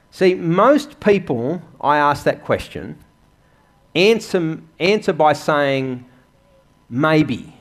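A man preaching to a church congregation in an earnest, conversational way, posing questions and answering them himself. His voice sits a little high and swings widely in pitch. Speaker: pastor. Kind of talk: sermon.

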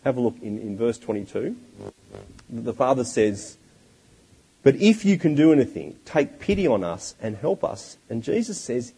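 A man preaching a sermon, expressive and full of rhetorical questions. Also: mid-range voice, normal speed, breathy edge, rough recording.

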